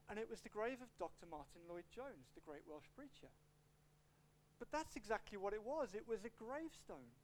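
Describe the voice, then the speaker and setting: Man preaching a sermon, expressive and quick to switch tempo, quietly humming room. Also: sits high, slight background noise. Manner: animated, acts out quotes, shifts pace a lot. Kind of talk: expository sermon with a personal story.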